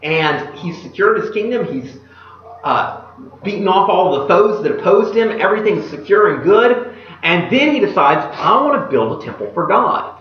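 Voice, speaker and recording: A man preaching a sermon in an animated way, voicing the prayers he reads aloud. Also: a little high, slight background noise. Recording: echoey hall, dull lo-fi sound.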